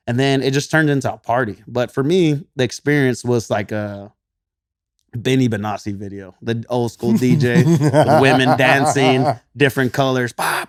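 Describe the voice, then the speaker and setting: A man's voice: mid-range voice, no room sound, clean studio sound. Laid-back Texan man telling a story. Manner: laughs often, swears, quotes himself in animated voices. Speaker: podcast guest, gym coach. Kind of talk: casual storytelling.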